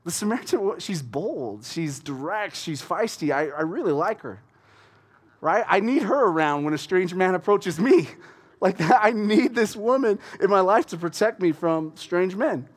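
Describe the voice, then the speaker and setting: A man with a fairly high voice preaches a casual, conversational sermon. He is animated and often restarts his sentences. He acts out the people in his story as he goes. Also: normal speed, breathy edge.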